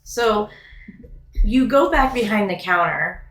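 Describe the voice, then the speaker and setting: A woman's voice: medium pitch, lively intonation, takes it slowly, fairly bright tone, echoey room, faint music behind. A woman narrating a tabletop game as game master, rambling with many fillers.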